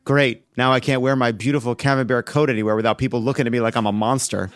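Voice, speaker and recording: A man's voice: mid-range voice, fairly even intonation, fast talker, no room sound, studio quality. A man hosting a comedy show, delivering a scripted monologue in a sarcastic, punchy way.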